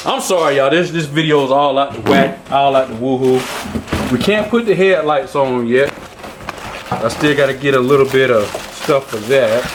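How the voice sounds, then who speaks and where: A man's voice: mid-range voice, noisy background. A man hosting a casual vlog from his garage, chatting in a laid-back, rambling way and keeping up a running talk with his viewers. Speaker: YouTube channel host fixing up his pickup. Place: home garage. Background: background music.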